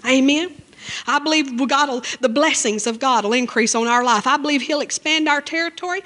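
High-pitched woman preacher, emotional, fervent sermon delivery. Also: fairly bright tone. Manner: emotional, fervent, with frequent amens and hallelujahs. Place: church.

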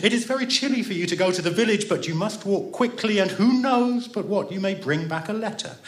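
A man reading a story aloud and voicing a caring, anxious mother who fusses and hurries out quick warnings. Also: high voice, animated, pitched above the performer's own voice. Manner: fussing, giving quick warnings. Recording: roomy echo.

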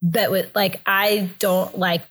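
A young woman telling a story in a casual chat, animated and laughing often, acting out the other people's voices. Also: slow, slightly rough. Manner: animated, acts out voices with big pitch jumps, laughs often. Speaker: guest telling a birth story.

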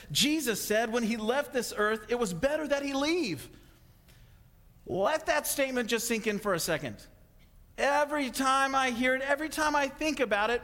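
A man with a high, bright-toned voice preaches to his congregation, rushing ahead when he gets excited. His words ring out with a long hall reverb, as in a church sanctuary. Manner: fast, excitable, animated delivery with acted-out asides. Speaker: pastor. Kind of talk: sermon.

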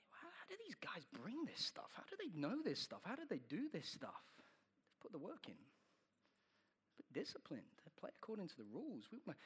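A man preaching a sermon, telling stories in an animated way and acting out the scenes. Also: on the high side, breathy edge, in a large hall.

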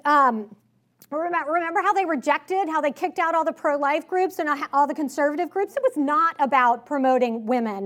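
A woman's voice: sits high, a bit bright. A woman with a slight Southern accent giving a political speech to a live audience, emphatic and sarcastic, full of rhetorical questions. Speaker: conference speaker. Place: conference hall.

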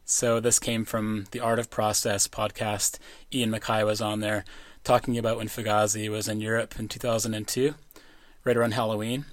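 Measured male interviewer, dry close sound. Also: lowish voice, flat delivery, no echo. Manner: measured, reads quotes aloud. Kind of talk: podcast interview.

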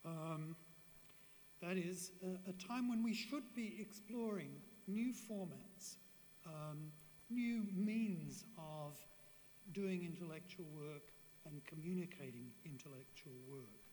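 A woman's voice: sits low, mellow. Older woman lecturing in a hall. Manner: earnest, measured, with many restarts and fillers. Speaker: professor giving a farewell lecture. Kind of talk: public lecture. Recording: reverberant hall with faint background noise.

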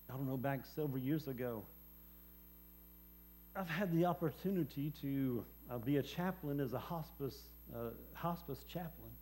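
High, mellow-voiced man preaching testimony. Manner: halting, repeats words with many fillers. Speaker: preacher and former hospice chaplain. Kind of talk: personal testimony sermon.

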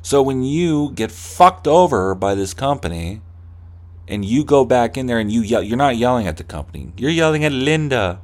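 Very animated, this man hosts a podcast at a moderate pace in a mid-range, darkish voice. His profane comedic rant is thick with swearing, and he slips into mocking voices of corporate employees.

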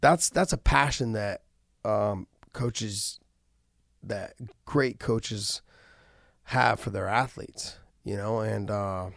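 A middle-aged man with a low, gravelly voice talks in a casual podcast, earnest and halting, restarting his sentences often. The sound is close and dry, with no room echo. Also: fairly even intonation, a bit bright. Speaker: podcast host and former fighter.

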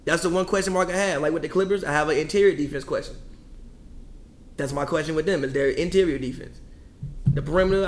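Fast-talking man arguing sports. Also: fairly high pitch. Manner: repetitive, restarts often, insistent. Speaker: sports debate co-host. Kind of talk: heated casual sports debate.

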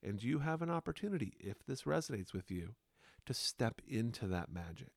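A man hosting a podcast, speaking in a slow, reflective monologue with unhurried, hypnotic pauses. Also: medium pitch, sing-song, gravelly, no echo, studio quality.

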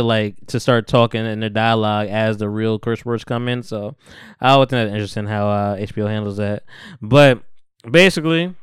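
A young man hosts a podcast, recapping a TV episode in loose, slangy chatter and acting out the characters' lines in a laid-back way. His mid-range voice is smooth, and the recording has studio quality with no echo.

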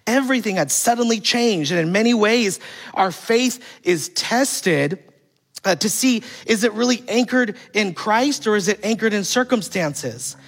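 Speaking at medium pitch and a measured pace, a pastor delivers a relaxed, conversational sermon. He drifts into funny stories about home life, acting out snippets of family dialogue, and often turns to the congregation with rhetorical questions.

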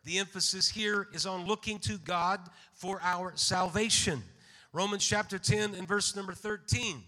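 A man preaching a sermon in a church sanctuary, speaking in a measured way and calling out amen. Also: sits high, steady tone, bright, forceful tone. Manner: measured, slows for scripture readings, calls out amen. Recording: long hall reverb.

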